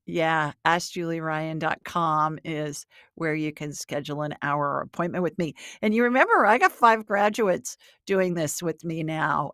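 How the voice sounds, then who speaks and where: A woman hosting a live call-in show, chatty and quick to laugh, her pitch jumping up when excited. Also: no room sound, clean studio sound. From Alabama, US South. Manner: chatty, laughs easily, lively swings in pitch. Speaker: host and intuitive reader.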